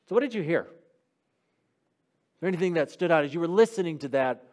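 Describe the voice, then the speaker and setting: A man's voice: a little high, animated, moderate pace, pauses often, a little mellow. A man giving a sermon who reads scripture aloud and then asks his listeners what they heard. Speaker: preacher leading a Bible discussion. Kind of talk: sermon with scripture reading and group discussion.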